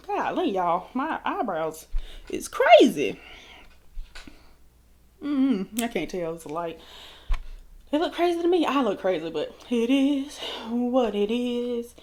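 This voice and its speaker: A woman's voice: medium pitch, big pitch swings, normal speed. A woman in her thirties telling a storytime while doing her makeup, chatty and laughing often. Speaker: vlogger.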